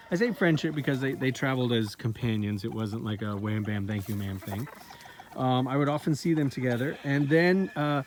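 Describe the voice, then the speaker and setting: A man chatting casually about his farm while walking the pasture and talking fondly to his chickens. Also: fairly high pitch. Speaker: farmer and video host. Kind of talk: casual walk-and-talk vlog. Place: outdoors in a pasture. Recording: outdoor farm recording with noisy background. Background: chickens clucking and roosters crowing.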